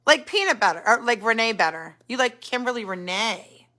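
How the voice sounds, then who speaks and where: A middle-aged woman hosting a relaxed live stream. Her voice rides a little high and bright, with a sweeping, animated pitch. She chats casually, greets viewers by name and muses aloud over their replies. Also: brisk. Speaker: podcast host reading live chat comments.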